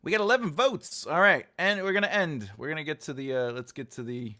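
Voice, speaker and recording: A man's voice: a little high, a little fast, pushed and bright. A man hosting a writing channel, talking casually and playfully to viewers with jokey asides.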